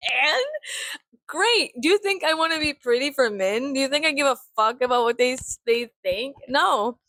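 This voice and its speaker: A woman in her thirties venting in a casual vlog, blunt, profane and sarcastic, swinging into sudden high laughs. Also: lively intonation, moderate pace, fairly bright tone, no echo. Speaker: vlogger.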